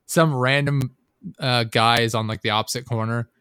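A man's voice: medium pitch, fairly even intonation, normal speed, sharp tone, smooth, no echo, clean studio sound. Rambling, profane young man telling stories. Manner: rambling, profane storytelling with frequent fillers. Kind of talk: casual chat.

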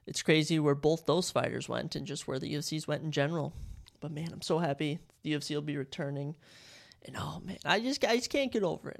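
A young man from Minnesota hosting a casual solo podcast, talking in an excitable, rambling way and often correcting himself. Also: high-pitched, creaky. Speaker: podcast host.

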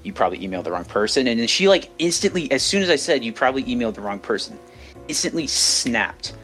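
A man's voice: medium pitch, very animated, fast talker, a bit bright, faint music behind. A young man co-hosting a podcast, telling a story in casual chat, rambling with many restarts. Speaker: podcast co-host.

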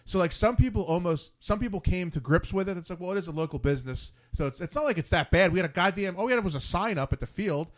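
A man's voice: high voice, quick pace, hardly any pauses. A man hosting a casual talk show who tells crude stories and acts out the dialogue. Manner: storytelling, animated and crude, quotes friends in dialogue. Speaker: podcast host. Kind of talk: casual chat.

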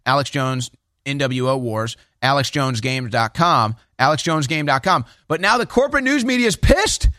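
Guy hosting a political talk show, mocking sarcastic rant, bright edgy voice. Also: medium pitch, expressive, normal speed, dry recording, clean studio sound. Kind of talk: opinionated commentary.

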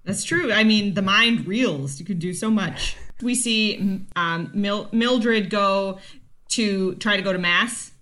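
Bright-voiced woman co-hosting a podcast. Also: medium pitch, slow pace. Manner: chatty, jokey, acts out characters' lines. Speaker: podcast co-host. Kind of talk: casual chat about a TV series.

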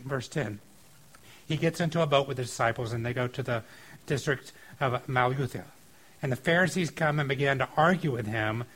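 Informal, animated male preacher. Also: mid-range voice, rough recording. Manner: informal and animated, acting out quotes with filler likes. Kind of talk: casual sermon on a scripture reading.

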